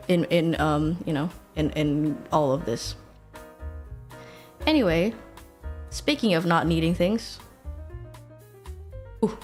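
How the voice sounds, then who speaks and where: A woman in her twenties, a streamer, chatting casually, swearing a lot and laughing often. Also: mid-range voice. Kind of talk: casual chat.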